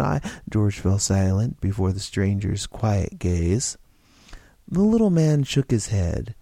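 A man reading a story aloud in steady, expressive narration. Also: lowish voice, measured pace, no echo. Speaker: story reader.

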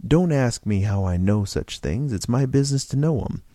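A man voicing a cheerful little male stranger who talks patiently and coaxingly, slipping into brisk salesman patter. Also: medium pitch, expressive, warm tone, no echo, clean studio sound, natural voice.

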